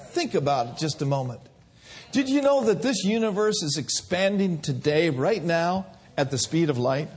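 A middle-aged male preacher delivering an exuberant sermon, shouting praise and then dropping to hushed tones. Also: fairly high pitch, breathy edge.

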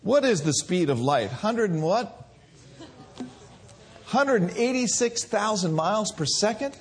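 Male preacher, middle-aged, high voice, swooping animated delivery, shouts then hushes. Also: measured pace, breathy edge. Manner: exuberant, shouting and dropping to hushed tones. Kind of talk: sermon.

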